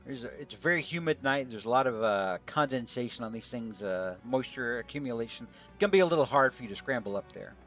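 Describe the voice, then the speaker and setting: A man running a tabletop role-playing game as game master, describing scenes and working out dice results in a plain, steady way. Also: mid-range voice, fast, hardly any pauses, faint music behind.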